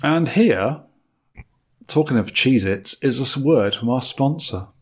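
A man's voice: mid-range voice, expressive, slow, noisy background. A man hosting a casual podcast, quizzing his co-host with teasing remarks and reading out listener mail. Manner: teasing quizmaster, reads listener mail aloud.

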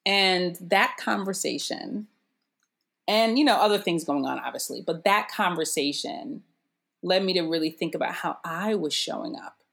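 A middle-aged woman telling her story in a casual interview, animated and laughing often as she acts out what others said. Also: fairly low pitch, normal speed, gravelly. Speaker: interview guest.

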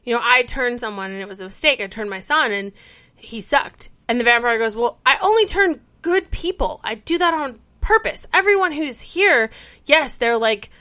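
A woman co-hosting a casual chat, retelling a TV episode with lively storytelling and acted-out quotes. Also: a little high, normal speed. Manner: animated storytelling, acts out character quotes. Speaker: podcast co-host.

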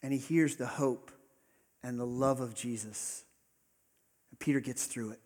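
A man preaching a sermon as pastor, earnest, rising to emphatic peaks and dropping to soft asides. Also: mid-range voice, a little slow. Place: church hall with congregation. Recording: long reverb of a large hall.

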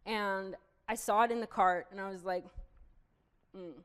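A woman's voice: medium pitch, fairly even intonation, a little slow, clean tone. Candid woman sharing a personal story. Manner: candid, self-deprecating, thinks aloud. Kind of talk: casual reflective chat.

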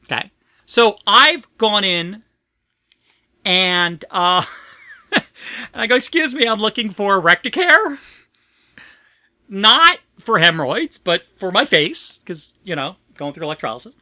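Bright-voiced woman telling a rambling story. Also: fairly low pitch, very animated, slow pace, long pauses, no room sound. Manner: rambling, chatty storytelling with frequent laughs. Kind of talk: casual chat.

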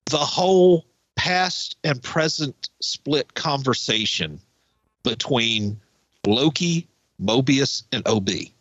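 A man talks with a lively, swinging pitch and emphatic delivery in casual podcast chat. The recording is dry and a little dull. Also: slow, dry recording. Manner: emphatic, animated storytelling. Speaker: podcast co-host.

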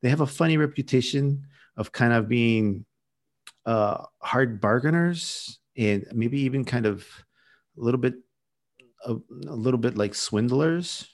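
Podcast host, male, mid-pitched, casual and rambling, restarts often. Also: unhurried. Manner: rambling, chatty storyteller with many restarts. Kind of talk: casual chat.

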